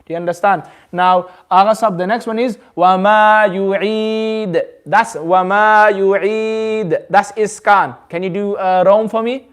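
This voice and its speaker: A man teaching a community class, patiently drawing out each word slowly, then explaining in quick bursts. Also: high voice, steady tone, fairly bright tone. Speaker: Quran recitation teacher. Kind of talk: hands-on group lesson.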